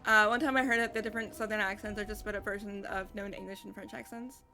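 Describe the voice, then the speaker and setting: A woman's voice: mid-range voice, steady tone, fast talker, bright, forceful tone, faint music behind. A woman streamer chatting casually while she plays, rambling with many fillers. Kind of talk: casual gameplay chat.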